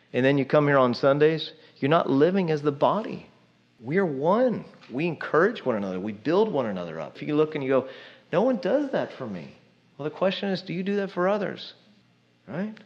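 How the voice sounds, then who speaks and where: A man's voice: mid-range voice, lo-fi sound. A man preaches a sermon in a conversational, emphatic way, often putting questions to the congregation.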